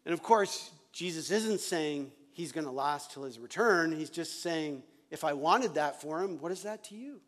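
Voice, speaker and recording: A man's voice: high-pitched, animated, normal speed, few pauses, a bit bright. A male pastor giving a sermon in an emphatic, repetitive way, often chuckling.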